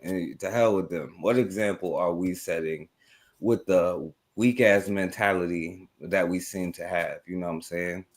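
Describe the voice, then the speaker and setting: A man's voice: low-pitched, moderate pace. A man co-hosting a casual talk radio show, heated and emphatic, cussing as he makes his point. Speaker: co-host.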